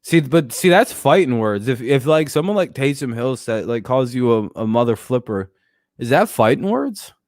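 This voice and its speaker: A man's voice: medium pitch, very animated, moderate pace, darkish tone, no echo, studio quality. A man hosting a casual sports talk stream, rambling and joking with plenty of profanity. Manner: frequent fillers and restarts. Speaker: host.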